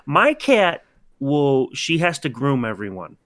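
A man co-hosting a casual podcast, telling animated stories and acting out his pet's voice. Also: medium pitch, takes it slowly, dry recording, studio quality. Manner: animated storyteller, acts out his cat's voice. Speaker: podcast co-host. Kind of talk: casual chat.

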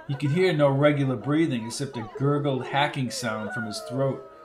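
A man reading an audiobook thriller in a steady, measured narration. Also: medium pitch, background noise. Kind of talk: scripted narration. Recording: narration with music behind.

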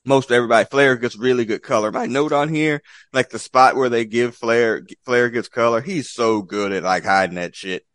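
A man's voice: medium pitch, normal speed, a bit bright, no echo. A man casually recapping an old wrestling event as a podcast co-host, rambling with lots of fillers and swearing.

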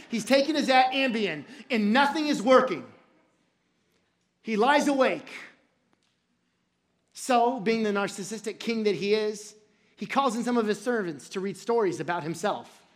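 Storytelling preacher, lively and dramatic, quick jokes, occasional shouts. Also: medium pitch. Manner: lively, dramatic, jokey asides, bursts of shouting. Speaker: pastor. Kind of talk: sermon storytelling.

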